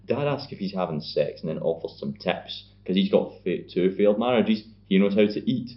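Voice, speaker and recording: Deep-voiced man, sardonic recap. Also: animated, moderate pace, few pauses. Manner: sardonic, sweary plot recapping. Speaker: podcast co-host. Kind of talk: casual film recap chat. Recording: dull lo-fi podcast audio.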